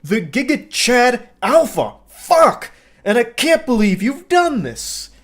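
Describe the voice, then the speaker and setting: A man putting on a mocking voice of a furious, whiny, self-righteous young man who rants and shouts in exaggerated bursts. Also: fairly high pitch, animated, fairly quick, lightly acted.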